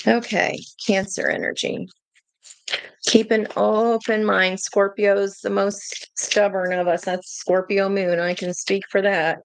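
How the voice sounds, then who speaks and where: A woman giving a casual tarot reading to her viewers, chatty and excitable, breaking into gushing exclamations. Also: medium pitch, slow pace, creaky, dry recording. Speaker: tarot reader.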